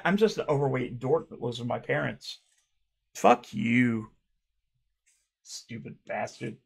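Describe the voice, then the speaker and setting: A man's voice: mid-range voice, creaky, breathy edge. A man reacting to viewer comments in a casual vlog, talking sarcastically and crudely, with mocking jokes and frequent laughing restarts. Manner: stammering restarts.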